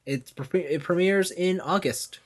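A man's voice: high voice, unhurried. A man co-hosting a casual pop-culture podcast, upbeat and leading the topics. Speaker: podcast co-host. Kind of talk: casual chat.

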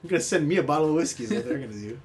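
A man's voice: on the high side, expressive, racing. A man co-hosting a casual podcast chat, joking and laughing often. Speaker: podcast co-host.

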